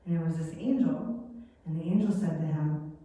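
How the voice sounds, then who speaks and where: A woman teaching a children's Sunday lesson, telling a Bible story in a chatty, animated way. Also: low voice, moderate pace. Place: church hall. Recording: echoey hall from far off.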